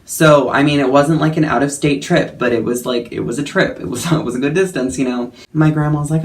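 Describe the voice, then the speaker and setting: A man's voice: on the high side, brisk, few pauses. A young man telling a story in a casual vlog, chatty and self-mocking, full of fillers and laughs. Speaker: vlogger.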